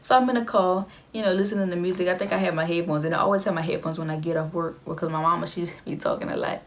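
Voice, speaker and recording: A woman's voice: on the low side, steady tone, very fast. A young adult woman casually telling a personal story to her viewers in a chatty, emphatic way. She often repeats phrases for effect.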